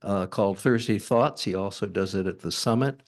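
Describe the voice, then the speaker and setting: A man hosting a church forum, introducing the guest speaker to the audience in a halting, light-hearted way. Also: fairly low pitch. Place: church meeting room.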